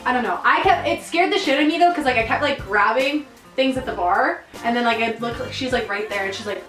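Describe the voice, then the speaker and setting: A podcast co-host, a woman, animatedly tells bar stories in a casual storytelling chat, talking fast in a slightly high voice. She's profane and laughs as she goes. The recording has an echoey room, a distant mic, and faint music.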